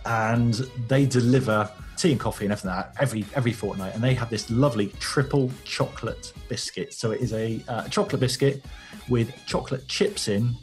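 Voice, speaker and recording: A man's voice: medium pitch, a little fast, a little mellow, soft background music. A man telling a wry, detailed anecdote as a guest in a recorded clip.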